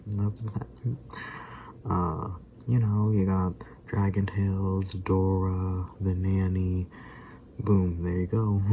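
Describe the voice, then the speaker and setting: Young male vlogger, dark, mellow voice, loose rambling delivery with frequent chuckles. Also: low-pitched, vocal fry, slight background noise. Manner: rambling, chuckling often, animated retelling. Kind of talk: casual rambling monologue.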